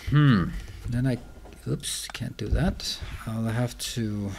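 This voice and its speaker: A man's voice: medium pitch, takes it slowly, vocal fry, darkish tone, a little hiss or hum. A man commenting on his own gameplay, muttering to himself and swearing when things go wrong. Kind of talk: let's play commentary. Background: keyboard and mouse clicks.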